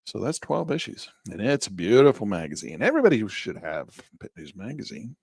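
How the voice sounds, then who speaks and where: A man running a live online trading class, chatty and animated, jumping between topics. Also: on the low side, brisk, gravelly, slightly rough, no room sound, clean studio sound. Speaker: trading instructor.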